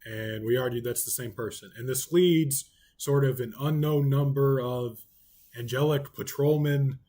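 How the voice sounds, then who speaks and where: A man with a mid-range voice and an Oklahoma accent teaches a Bible study a little slowly. His delivery is laid-back and conversational, full of ums and you-knows.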